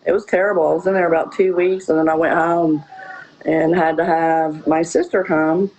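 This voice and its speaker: A woman's voice: low voice, steady tone, normal speed, a little mellow, low-quality recording. A woman telling her own story in a casual interview, rambling with many "you know" fillers. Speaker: guest.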